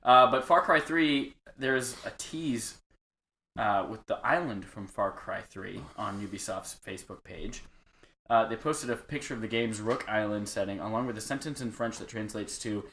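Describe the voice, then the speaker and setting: A man's voice: fairly low pitch, moderate pace, bright, forceful tone, slight background noise. A man hosting a casual gaming podcast, talking loosely and profanely and laughing easily. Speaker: podcast host.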